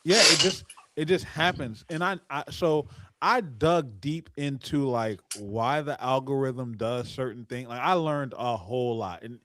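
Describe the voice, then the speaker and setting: A man hosting a podcast, telling a story in excited casual chat with stammering restarts and swearing. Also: mid-range voice, unhurried. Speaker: podcast host.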